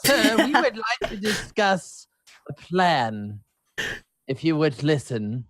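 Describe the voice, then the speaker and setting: A man's voice: a little high, wildly swooping pitch, takes it slowly, fairly bright tone, no room sound. A man speaking formally and politely in character during a tabletop game. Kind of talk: in-character tabletop role-play.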